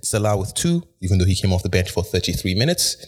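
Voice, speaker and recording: A man's voice: deep voice, very animated, fast, darkish tone. A man hosting a casual sports podcast, recapping matches in an easygoing, rambling way with fillers. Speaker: podcast host.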